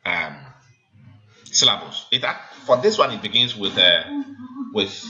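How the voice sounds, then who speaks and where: Measured male teacher, dull lo-fi sound. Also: lowish voice, animated, bright, forceful tone. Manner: measured, hesitant, frequent ums, counts syllables aloud. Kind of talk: recorded literature lesson. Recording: dull lo-fi sound with faint noise.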